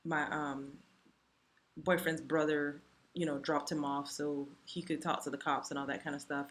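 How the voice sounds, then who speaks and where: A woman with a low-pitched voice tells a personal story to her vlog camera. She talks casually and animatedly, leaning on "you know" and "like" as she goes. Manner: chatty, animated retelling full of "you know" and "like". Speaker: vlogger.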